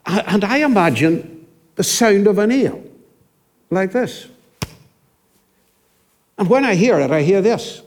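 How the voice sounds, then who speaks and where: A man with a slightly raised pitch delivers a sermon as a minister. He speaks reflectively, slowing down to stress scripture and often sinking to a hushed voice for emphasis. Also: lively intonation, slight background noise.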